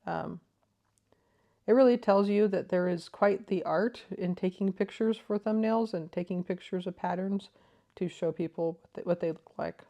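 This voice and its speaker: Woman vlogger, low voice, mellow tone, thoughtful, enthusiastic, frequent ums. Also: moderate pace. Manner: thoughtful, enthusiastic, soft-spoken with frequent fillers. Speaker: crochet vlogger. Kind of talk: casual explanatory vlog. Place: living room.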